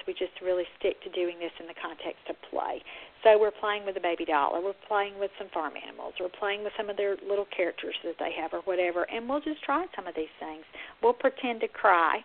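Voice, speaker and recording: A woman speech therapist and podcast host, explaining teaching methods in an upbeat, lively way and now and then acting out playful sound effects. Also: mid-range voice, vocal fry. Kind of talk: instructional talk. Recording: band-limited, phone-like audio.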